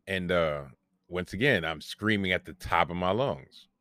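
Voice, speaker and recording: A man's voice: low voice, unhurried, sharp tone, dry recording, studio quality. A man, hosting a solo podcast and telling a long, rambling, profane story about himself with self-mocking humor. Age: 40s. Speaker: podcast host.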